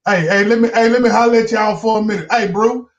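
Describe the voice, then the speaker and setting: A man voicing an eager, brash young woman comic, in rapid street talk, over muffled lo-fi audio. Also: fairly high pitch, fairly even intonation, pitched above the performer's own voice, lightly acted. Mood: pushy.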